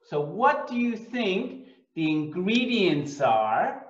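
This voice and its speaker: A man teaching English through a cooking lesson, speaking slowly and repeating and translating words for learners. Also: sits high, big pitch swings, roomy sound, dull audio.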